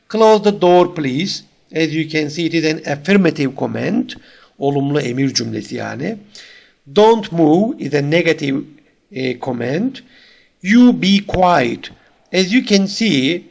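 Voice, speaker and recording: A man's voice: fairly high pitch, creaky. A man with a Turkish accent giving a recorded lecture, reading out examples and explaining them step by step with small fillers. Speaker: university lecturer.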